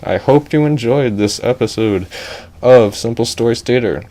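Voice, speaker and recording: A young man telling an improvised comic story in a rambling, deadpan way. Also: medium pitch, moderate pace.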